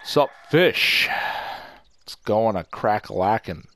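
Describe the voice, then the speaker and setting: A man's voice: fairly low pitch, animated, slow, fairly bright tone, slight background noise. A young man doing casual gameplay commentary, playful and goofy, talking to the fish on screen. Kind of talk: casual let's play commentary.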